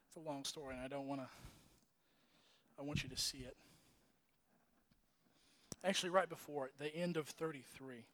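A man's voice: on the high side, steady tone, moderate pace, pauses often. A man giving a casual, conversational sermon, retelling a story with restarts, fillers and chuckles. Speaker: preacher.

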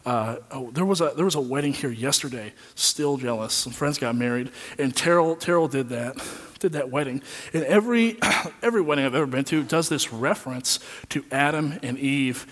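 A man's voice: medium pitch, fairly bright tone. A young man giving a casual, self-deprecating sermon, full of fillers and restarts, as a preacher at a church. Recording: long hall reverb.

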